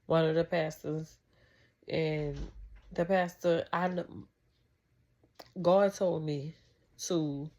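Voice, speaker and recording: A woman's deep, darkish voice leads a casual faith talk to camera. The vlogger rambles warmly about faith and family, restarting again and again.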